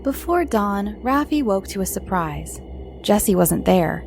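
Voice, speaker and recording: A woman with a medium-pitched, sing-song voice, creaky and darkish in tone, narrates scary bedtime stories for kids as a show host. She keeps a slow, dramatic pace with dips into whispers, and faint music is audible.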